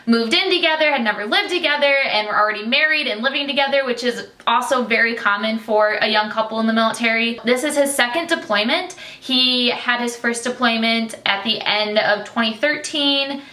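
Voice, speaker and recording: A woman's voice: on the high side, sharp tone, reverberant. A young woman from Michigan talking candidly to camera in a personal vlog, chatty with many fillers and tearful at times. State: tearful, getting emotional. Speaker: vlogger, military wife.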